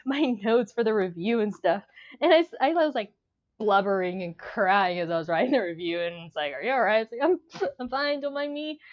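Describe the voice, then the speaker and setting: Woman gushing about a book in her vlog, kinda high voice, rambly and emotional, muffled lo-fi audio. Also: a little mellow. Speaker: book reviewer. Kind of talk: casual book review vlog. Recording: dull lo-fi sound.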